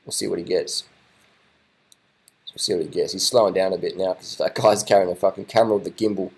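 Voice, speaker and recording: A man giving casual, excited commentary over race footage, repeating his phrases and swearing now and then. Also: sits low, fast talker, vocal fry, breathy edge.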